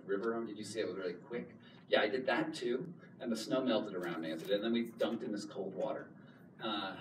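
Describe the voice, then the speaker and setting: Man giving a lively talk in an echoey hall. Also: fairly low pitch. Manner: animated, repeats words, laughs often. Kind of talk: storytelling public talk. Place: public hall. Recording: echoey hall, distant mic, noise.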